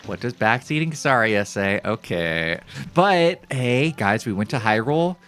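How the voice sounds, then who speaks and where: A man streaming a game live, talking casually to his chat. His pitch jumps up and down a lot as he jokes, and he often makes fun of himself. Faint music plays behind him. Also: moderate pace. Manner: animated, joking, talks to chat; self-mocking.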